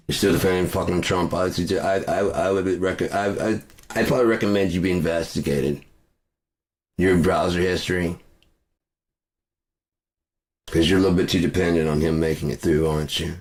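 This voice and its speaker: A man ranting angrily to camera, swearing constantly and breaking into shouts. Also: sits low, brisk. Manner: profane and furious, shouting at times. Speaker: vlogger. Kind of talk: angry political rant.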